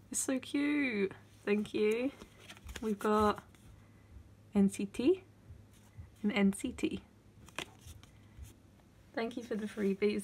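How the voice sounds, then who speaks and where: Excitable woman vlogger, gushing. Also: medium pitch. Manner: excitable and gushing, with gasps and squeals. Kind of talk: casual unboxing vlog.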